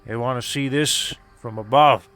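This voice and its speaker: During a live-streamed role-play, a man voices a chatty craftsman in a put-on British accent, musing in a meandering, hesitant way packed with fillers. His mid-range voice is fairly even, moderately paced and a bit bright, close to everyday speech, with faint music behind.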